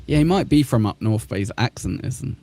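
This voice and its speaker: A man's medium-pitched voice comes across expressive, fairly quick and warm on a dry recording. He's from the south of England but has a Manchester accent, and as host of a casual live stream he jokes, swears often and laughs at his own bad luck.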